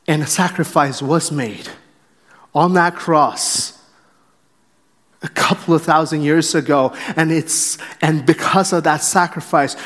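High-voiced man preaching in a reverberant hall. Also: a bit bright. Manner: earnest preaching with acted quotes and restarts. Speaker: pastor. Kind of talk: sermon. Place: church sanctuary.

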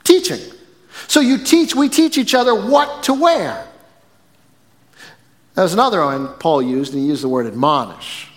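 A male pastor from the northern United States preaching a sermon in a church, swinging from quiet, measured phrases to loud, emphatic ones. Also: high-pitched, very animated. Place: church sanctuary. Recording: long hall reverb.

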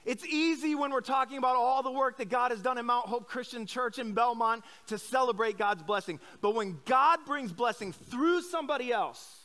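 A man's voice: very high-pitched, moderate pace, few pauses, pushed and bright. A middle-aged man from Iowa giving a conversational sermon as a pastor, telling stories candidly with lots of fillers and restarts. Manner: chatty storytelling with many likes and restarts; candid, self-deprecating. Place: church service.

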